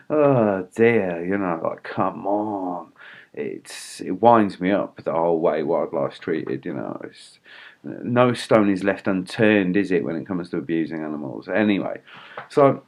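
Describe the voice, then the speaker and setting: Man, very low voice, indignant, rambling vlog rant. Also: animated, slow, vocal fry. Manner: indignant, swearing, rambling with fillers and wry laughs. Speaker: vlogger. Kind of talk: casual ranting monologue.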